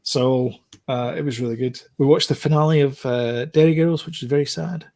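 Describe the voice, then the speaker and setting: A man's voice: medium pitch, steady tone, brisk, vocal fry, darkish tone. A man co-hosting a casual podcast, talking about TV shows in a rambling way, with lots of fillers and restarts. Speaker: podcast co-host.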